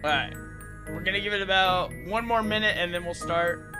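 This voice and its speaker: Young guy streamer rambling away, high bright voice, bit of music under it. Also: normal speed. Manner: rambling, chatty, self-correcting. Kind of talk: casual livestream chat.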